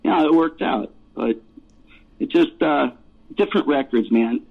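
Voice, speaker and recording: A man's voice: a little high, animated, a little slow, creaky. A man in his fifties, a musician guest, telling rambling stories with laughs and swearing. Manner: rambling, laughing, profane storyteller. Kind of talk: casual storytelling interview. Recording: tinny phone-like line.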